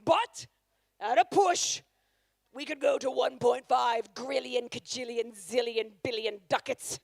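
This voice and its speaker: A woman putting on the voice of a wealthy, posh house hunter for a stand-up bit, loud and exaggerated. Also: fairly high pitch, a little slow, gravelly, no room sound. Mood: boastful.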